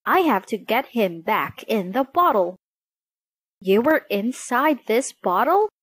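A woman voicing a quick-thinking male fisherman in a children's storybook reading. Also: on the high side, sing-song, heavily acted. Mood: clever. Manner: crying out, sighing.

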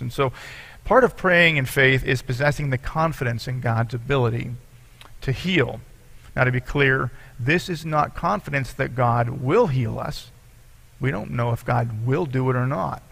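A man with a gravelly, creaky voice preaching to his congregation. He reads scripture aloud and explains it earnestly, as a pastor would. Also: medium pitch, fairly bright tone. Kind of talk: sermon.

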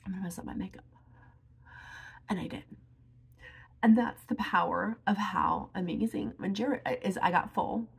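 A woman's voice: mid-range voice, normal speed, vocal fry, pauses often, slightly rough. A woman vlogger chatting casually to the camera while doing her makeup, chatty and emotional, sometimes teary. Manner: chatty, emotional, lots of fillers like "like". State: teary, tearful. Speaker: beauty and lifestyle vlogger.

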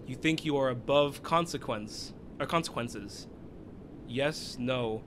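A man reading a cold, menacing demonic child spirit from a video game aloud, in a slow, low, ominous delivery. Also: background noise, lightly acted.

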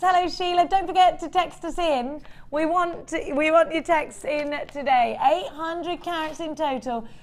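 A woman's voice: sits high, a little mellow. A woman presenting on a shopping channel, chatty and upbeat as she sells jewelry live. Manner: chatty, upbeat, bubbly selling. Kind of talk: live TV sales patter.

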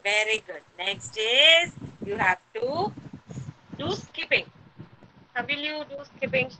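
A woman kindergarten teacher talks to young children through a video-call mic. Her voice is very bright and quite high, and she speaks slowly and deliberately. She chants counts and commands and keeps repeating warm praise. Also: expressive, a little hiss or hum, rough recording. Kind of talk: online class instruction.

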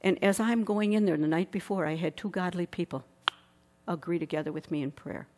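A middle-aged woman giving a sermon, telling a personal testimony in an animated way and asking the congregation questions. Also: fairly low pitch, fairly quick. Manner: animated storyteller, acts out voices, asks the congregation questions. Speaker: pastor's wife preaching.

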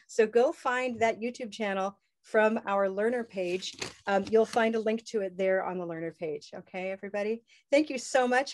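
A woman with a North American accent teaching English pronunciation in a live online lesson, upbeat and stretching out example words slowly. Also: fairly high pitch. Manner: upbeat, drawn-out modeling of sounds.

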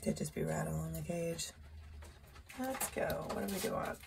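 A woman's voice: low voice, steady tone, moderate pace, creaky, noisy background. A woman giving a casual tarot reading, chatty and loose, with profane asides. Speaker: tarot reader.

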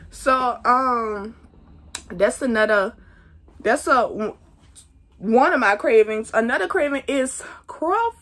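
A woman's voice: fairly high pitch, slow, long pauses, a bit bright. A young woman chatting to her viewers in a casual pregnancy update vlog, feeling nauseous. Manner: chatty, talks straight to viewers as y'all. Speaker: vlogger.

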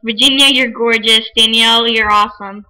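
A woman's voice: on the high side, steady tone, brisk, pushed and bright, poor audio. A teenage girl chatting casually in a vlog, rambling and giggling, often apologizing. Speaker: vlogger. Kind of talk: casual chat.

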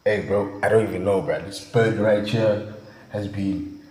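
Young South African guy, low voice, hyped slangy reaction chat, echoey reverberant room. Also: steady tone, a little slow, a little mellow. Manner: slangy, hyped, peppered with "bruh" and "you feel me". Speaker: music reaction vlogger.

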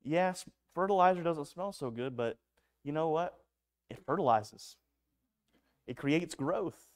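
A man's voice: on the high side, expressive, a little slow. A man preaching a sermon in a church, telling stories in an earnest way with frequent restarts. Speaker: pastor. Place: church sanctuary.

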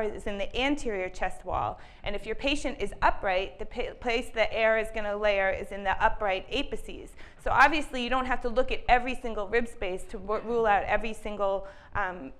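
Woman, conference lecturer, fairly high voice, practical conversational teaching. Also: a bit bright. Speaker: emergency medicine lecturer.

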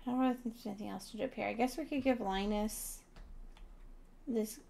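A woman's voice: fairly high pitch, fairly even intonation, a little fast, vocal fry, mellow, a little hiss or hum. A woman giving casual gameplay commentary as a streamer, chatting to her viewers and sounding tired. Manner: chatty, talks to chat viewers. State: tired, yawning. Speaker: gaming streamer.

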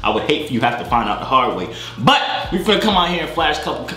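A man's voice: medium pitch, big pitch swings, quick pace, pushed and bright, echoey room. A young man vlogging at night, joking and boasting in slang while chatting with strangers on a webcam. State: tired. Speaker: vlogger chatting with strangers on a video chat site. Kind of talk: casual vlog chat. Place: room at night.

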